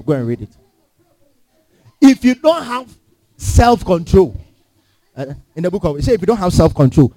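A man's voice: on the high side, warm tone, dry recording, rough recording. A man preaching a sermon in an impassioned, scolding and emphatic way.

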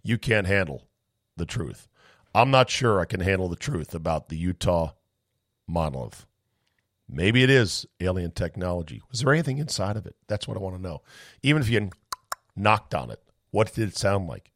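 A male podcast host delivering an incredulous, ranting monologue with loud outbursts and low asides, then chatting casually with a guest. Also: lively intonation, moderate pace, no room sound, studio quality. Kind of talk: animated monologue and casual chat.

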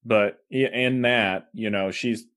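A man's voice: fairly low pitch, fairly even intonation, slow, a bit bright. A man co-hosting a podcast, laid-back in casual comic book chat, giving short agreeing replies and dry remarks. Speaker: podcast co-host.

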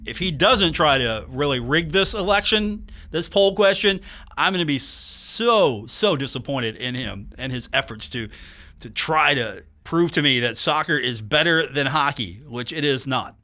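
A man's voice: on the high side, expressive, measured pace, bright, forceful tone. A man hosting a sports radio show in a studio, talking in a joking, teasing, rambling way. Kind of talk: casual sports talk radio monologue.

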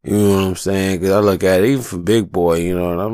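A man's voice: sits low, steady tone, fast talker, few pauses, mellow, smooth, no echo. A man in a casual, heated solo rant on a studio mic, profane and rambling, fired up and agitated. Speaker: solo commentator. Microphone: studio mic with a pop filter.

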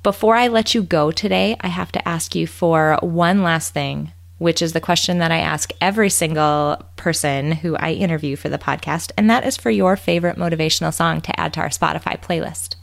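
A woman's voice: low-pitched, fairly quick, vocal fry, hardly any pauses. A woman in her thirties hosting a podcast, speaking earnestly and with feeling, closing an interview and giving a motivational recap. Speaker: podcast host.

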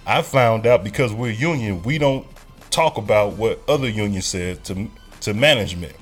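A man's voice: on the low side, normal speed, soft background music. A man hosting a casual podcast, telling a loose, profane story. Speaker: podcast host.

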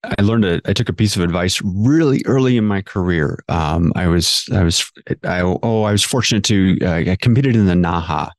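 A man's voice: deep voice, normal speed, few pauses, no echo, clean studio sound. A male hair-education director and guest, earnestly telling stories in casual conversation, often restarting his sentences. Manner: earnest, many restarts and repeated words.

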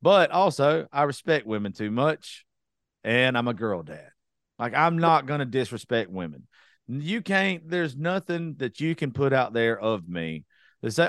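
A man's voice: mid-range voice, sing-song, normal speed, fairly bright tone, dry recording, studio quality. Blunt, swearing man ranting. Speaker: podcast host. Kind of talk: casual podcast chat.

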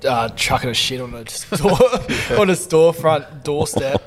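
A man's voice: on the high side, animated, slow. A man telling a sweary, laughing anecdote in casual podcast chat.

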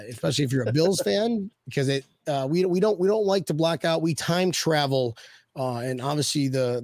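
A man's voice: on the high side, darkish tone, no room sound. A man hosting a casual chat, playful and joking. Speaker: host.

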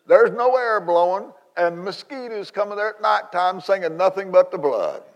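A man, an evangelist telling a story in a sermon, folksy and animated with many restarts, in a large church hall. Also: sits high, normal speed. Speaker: evangelist preacher.

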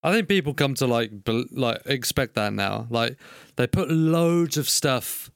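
A man's voice: medium pitch, lively intonation, measured pace, gravelly, smooth, no echo. A man co-hosting a casual gaming podcast, teasing his partner in a dry way and swearing. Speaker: podcast co-host.

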